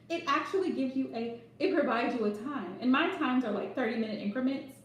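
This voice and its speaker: A woman tarot reader chatting casually on a livestream, sarcastic and laughing often. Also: sits high. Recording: echoey room, distant mic.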